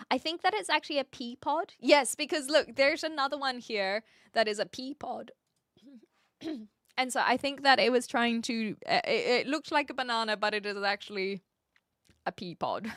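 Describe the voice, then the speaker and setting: A young woman with a New Zealand accent, chatting with her stream and reading out comments, giggly and trailing off into quiet asides. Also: a little high, no echo, clean studio sound. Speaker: livestreamer.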